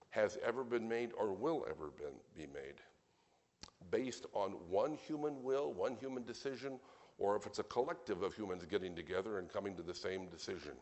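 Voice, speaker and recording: A man preaching a sermon in an earnest, emphatic way, with plain conversational asides between points that swell suddenly in loudness. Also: lowish voice.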